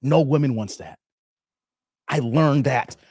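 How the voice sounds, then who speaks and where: A man's voice: medium pitch, slow pace, a little mellow, breathy edge, no room sound, studio quality. A man hosting a dating commentary channel, telling a personal story in a frank, confiding way and speaking straight to viewers. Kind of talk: casual monologue storytelling.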